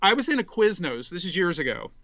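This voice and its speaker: A man in his forties tells a story on a casual podcast, his voice pitched high and bright. He rambles animatedly and restarts often. The sound is dry and close, with no room around it. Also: sing-song, fast talker, dry recording. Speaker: podcast guest.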